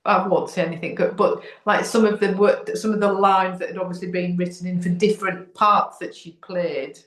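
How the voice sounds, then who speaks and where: A woman's voice: on the low side, steady tone, moderate pace. Chatty woman in an echoey room. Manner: chatty, with frequent restarts and "do you know what I mean". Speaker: podcast co-host. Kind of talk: casual chat. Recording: roomy echo.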